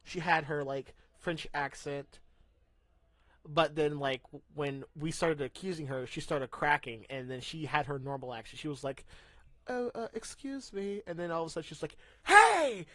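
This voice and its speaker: Young male podcast host, bright tense higher voice, rambling rants with laughs, dry close mic. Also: moderate pace, no room sound. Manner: rambling, excitable, ranting with laughs. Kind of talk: casual podcast chat. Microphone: mic through a soundboard.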